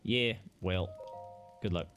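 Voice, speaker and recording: A man's voice: low voice, takes it slowly, over music. A man voicing a laid-back young male construction worker with a put-on Australian accent that drifts southern, drawling and easygoing.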